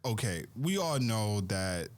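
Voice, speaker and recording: A man co-hosting a casual wrestling podcast, animated and quick to laugh, often trailing off and restarting his sentences. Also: fairly low pitch. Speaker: podcast co-host.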